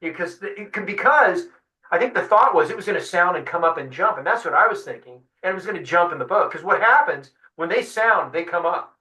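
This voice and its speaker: A man, a fishing guide, telling a lively story in an interview, acting out what people said. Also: high-pitched, a little fast. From San Diego. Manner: animated storyteller acting out quotes. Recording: echoey room, distant mic.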